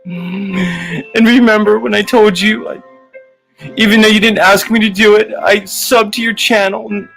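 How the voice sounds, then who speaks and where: A man's voice: high voice, steady tone, measured pace, vocal fry, long pauses, fairly bright tone, faint music behind, full character voice. A man putting on the voice of a clingy, lovesick male superfan who pleads and giggles with dramatic devotion. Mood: lovesick pleading.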